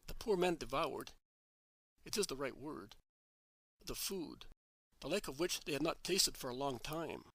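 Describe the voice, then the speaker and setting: A man narrating a religious story in a steady, measured reading. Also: on the high side, no echo.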